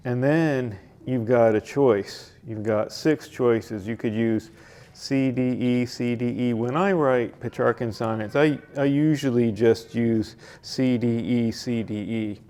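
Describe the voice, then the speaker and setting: A man leading a library poetry workshop, explaining sonnet form slowly with frequent fillers and restarts. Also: medium pitch, dark tone. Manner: slow, halting explanation with many fillers and restarts. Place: library meeting room.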